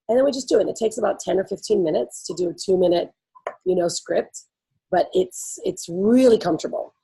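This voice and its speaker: A woman walks a group through an upcoming event in a loose, chatty way, laughing easily and leaning on "like" and "you know". Her voice is a little husky, sitting at an ordinary middle pitch. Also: animated, brisk, dark tone, rough recording. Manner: bubbly, laughs often, lots of "like" and "you know". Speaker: event host. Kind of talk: casual explanatory talk to attendees.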